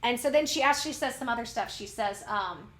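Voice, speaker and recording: A high, bright woman's voice bounces around an echoey room. She reads out celebrity gossip and then tips into a worked-up, ranty commentary, tossing question after question at her audience. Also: lively intonation, brisk, slight background noise. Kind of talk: news reading turning into a rant.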